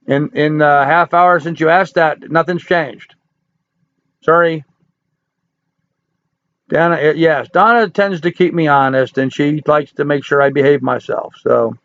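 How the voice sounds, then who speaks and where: A man's voice: on the high side, a little slow, pauses often, a bit bright, no echo, dull audio. A man in his sixties hosting a casual livestream, reading viewer comments and answering in a folksy, joking, chatty way. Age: 60s. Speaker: livestream host.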